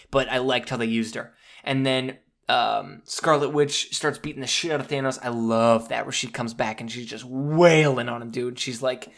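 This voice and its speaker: Excitable podcast guy gushing. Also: on the high side. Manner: animated, swears freely, says "dude" often. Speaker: podcast host. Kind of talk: excited casual movie recap.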